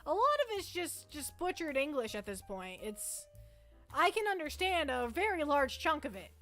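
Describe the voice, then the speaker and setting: A woman's voice: high-pitched, big pitch swings, moderate pace, fairly bright tone, faint music behind. A young Canadian woman hosting a livestream, rambling casually with her chat and often restarting her sentences. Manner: rambling, chatty, self-interrupting. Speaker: livestream host.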